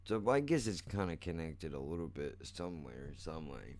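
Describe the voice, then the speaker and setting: A man's voice: very deep voice, sing-song, normal speed, a little mellow, a little hiss or hum. A young man hosting a casual solo podcast, rambling and self-mocking, swearing often and calling the listener "dude.". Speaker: podcast host.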